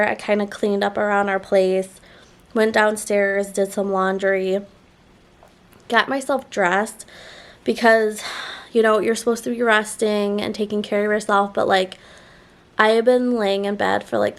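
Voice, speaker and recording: A woman's voice: mid-range voice, vocal fry. A woman vlogger chatting casually to camera, her voice a little nasal as she gets over a sore throat, rambling with lots of "like" fillers. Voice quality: slightly nasal.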